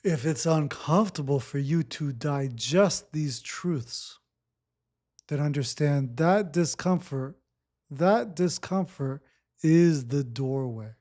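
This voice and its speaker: A man leading a guided breathwork session, speaking gently and repeating his cues. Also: fairly high pitch. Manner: slow, repetitive, gently instructive. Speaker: breathwork facilitator.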